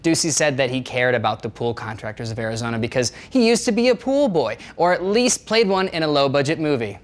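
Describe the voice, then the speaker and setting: A man anchoring a satirical local newscast with wry, deadpan asides. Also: mid-range voice, fast talker. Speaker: news anchor. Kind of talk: satirical local news reading.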